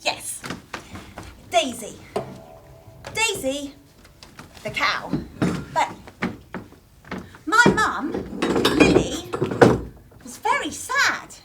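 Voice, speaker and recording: A woman's voice: high-pitched, wildly swooping pitch, very slow, pauses often, music in the background, heavily acted. A woman playing young Jack, an eager, restless boy who coaxes the audience to join in during interactive children's theatre.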